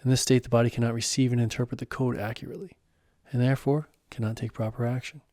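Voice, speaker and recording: Serene wise guide, unhurried and gently teasing, read by a man, warm low tone, dry sound. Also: steady tone, dry recording, natural voice. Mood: explaining. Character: calm wise male mentor and guide.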